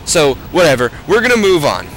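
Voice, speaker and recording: A man casually chatting while playing a wrestling video game, swearing loudly in excited outbursts. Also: a little high, a little fast, soft background music. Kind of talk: profane casual let's-play chat.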